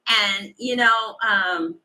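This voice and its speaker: A woman's voice: medium pitch, extremely slow, bright, forceful tone, rough recording. A woman tarot reader talking in a casual, heated monologue, emphatic and full of profanity.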